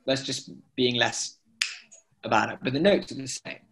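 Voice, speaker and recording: A man's voice: mid-range voice, normal speed, a bit bright. Male chant teacher on a video call, keen and chatty, slipping into short sung phrases. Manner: enthusiastic, breaks into sung chant examples. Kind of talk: online class teaching.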